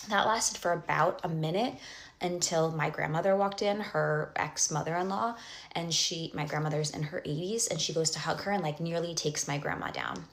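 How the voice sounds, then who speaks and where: A young woman with a deep voice rambles through a casual storytime, piling on fillers and restarts. Her voice carries a noticeable vocal fry, and she keeps slipping into hushed whispers for asides. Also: normal speed.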